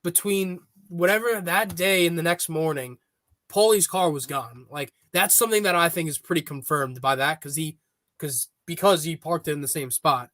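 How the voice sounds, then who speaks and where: Brief: male podcast host, casual rambling storyteller, slightly high pitch. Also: moderate pace, fairly bright tone, no echo. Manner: rambling storyteller, many fillers and restarts. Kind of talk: casual chat.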